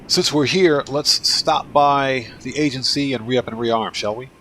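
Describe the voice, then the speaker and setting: A man's voice: mid-range voice, measured pace, sharp tone, slight background noise. A man from Baltimore with a Northeastern American accent, casually chatting with viewers while hosting a gaming livestream. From Baltimore, Maryland, USA. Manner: chatty, answers viewers' chat with frequent restarts.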